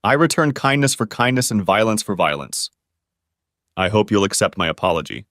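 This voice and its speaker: A man voicing a big prison inmate who apologizes slowly and quietly. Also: fairly low pitch, expressive, no room sound, clean studio sound. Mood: apologetic.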